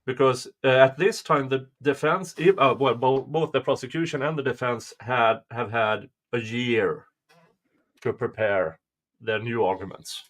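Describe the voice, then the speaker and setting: Slow-talking man with a Swedish accent. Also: mid-range voice, a bit bright. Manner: slow, halting, with many fillers. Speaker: livestream co-host. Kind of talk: casual commentary chat.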